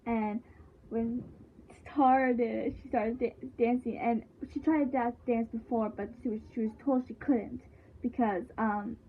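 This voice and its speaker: A woman's voice: a little high, fairly even intonation, a little slow, a little hiss or hum. Rambling woman on a tinny line. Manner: rambling, many fillers and restarts. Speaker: vlogger recapping a TV show. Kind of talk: casual chat. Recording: tinny phone-like sound.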